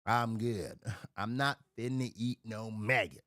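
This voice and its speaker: Profane, animated man ranting on a livestream. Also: takes it slowly, no room sound, clean studio sound. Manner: profane, rambling, animated rants; swings between loud outbursts and low mutters. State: drinking while streaming. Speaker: live streamer. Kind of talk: casual livestream chat. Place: at home near a refrigerator.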